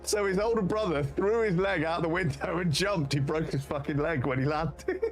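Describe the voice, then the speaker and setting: A man's voice: fairly high pitch, normal speed, soft background music. A man with a British accent, a streamer casually telling rambling, sweary anecdotes and laughing at them. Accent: British English. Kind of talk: casual storytelling on a live stream.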